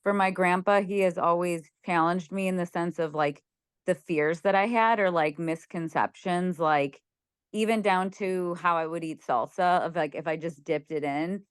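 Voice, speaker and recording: A woman's voice: fairly low pitch, normal speed, smooth, no echo, studio quality. A young woman chatting casually on a video call from her bed, filling her talk with "like". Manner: chatty, many "like" fillers, laughs easily. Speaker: group member sharing. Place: lying on a bed at home.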